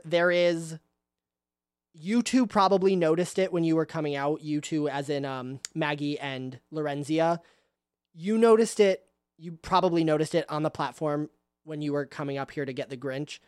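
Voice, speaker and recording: A man's voice: a little high, moderate pace, smooth, no room sound, studio quality. A man narrating a tabletop game as game master in a casual, chatty way.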